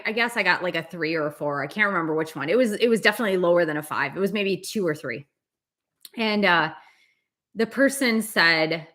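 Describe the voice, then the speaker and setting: A woman's voice: mid-range voice, bright, forceful tone. A middle-aged woman doing live-stream tarot readings, talking in a chatty, valley-girl cadence. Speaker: tarot reader.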